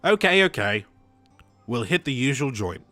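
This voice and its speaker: A man voicing a composed young woman lawyer in a game, the gentle, measured older sister. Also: mid-range voice, very animated, no room sound, faint music behind. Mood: calm. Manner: gentle, measured, softly teasing.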